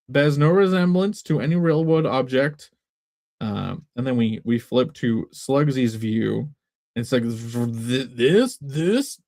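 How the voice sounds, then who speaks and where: A man's voice: mid-range voice, vocal fry, a little mellow, no room sound, studio quality. A man who creates comics, chatting casually on a live stream, rambling, joking and interrupting himself.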